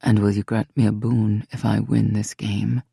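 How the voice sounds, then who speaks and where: A proud, seductive fey king from a fantasy storybook, put on by the narrator. He speaks low and slow, with a gravelly, dark tone. The reading is close and dry. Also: flat delivery, dry recording. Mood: commanding, teasing.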